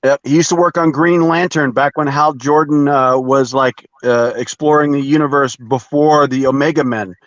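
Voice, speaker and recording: Halting man on a dull video call. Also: medium pitch, fairly even intonation, dry recording. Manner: halting, many fillers, chuckles often. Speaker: guest. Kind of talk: casual chat about comics.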